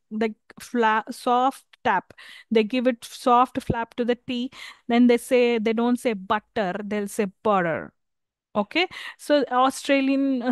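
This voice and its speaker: A woman's voice: a little high, clean tone, dry recording. A woman with an Indian English accent giving a live university lecture, hesitant with many fillers and restarts, checking in with her listeners.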